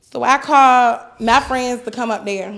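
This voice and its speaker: A young woman with a fairly high voice tells her story in an animated, chatty way. She talks loosely and colloquially and drops into other people's voices as she quotes them. It is relaxed podcast conversation. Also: moderate pace, gravelly. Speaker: podcast guest, mother. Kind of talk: casual storytelling.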